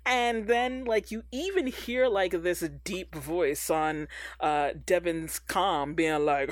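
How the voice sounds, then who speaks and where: A woman in relaxed conversation, retelling a story in a slangy, playful way. Her pitch swings widely as she talks. The sound is dry and close, with no room echo. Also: unhurried. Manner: animated, laughing, slangy recaps. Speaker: podcast co-host. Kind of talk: casual chat.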